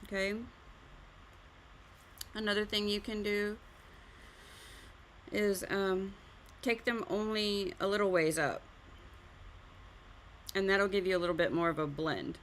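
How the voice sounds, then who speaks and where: A woman at a mid pitch, talking casually as she draws and explains shading. She chats along with little fillers and breaks into laughter at herself often. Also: fairly even intonation, slow, pauses often, a bit bright, slight background noise. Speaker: art stream host. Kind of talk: casual chat while drawing and teaching.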